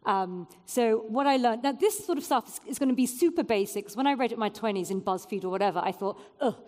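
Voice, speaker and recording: A woman's voice: fairly high pitch, animated, fast talker, a little mellow, long reverb tail. A woman in her forties giving a candid, self-mocking conference talk with frequent fillers. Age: 40s. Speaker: keynote speaker. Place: event venue before an audience.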